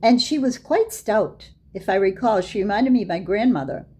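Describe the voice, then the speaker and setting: A woman's voice: mid-range voice, lively intonation, normal speed, warm tone, breathy edge. An older woman giving a storytelling lecture, recounting anecdotes and acting out the dialogue in her own voice. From Boston area, USA. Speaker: Islamic lecturer.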